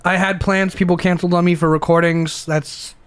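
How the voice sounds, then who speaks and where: A young man chatting loosely on a podcast over beers, his voice sitting a touch higher than most men's. He rambles, laughs easily and jumps up high to imitate others, recorded close and dry with no room sound. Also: little pitch movement, fairly quick, clean tone, dry recording. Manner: rambling, laughs often, jumps up high when mimicking people. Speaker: podcast co-host. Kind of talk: casual chat over beers.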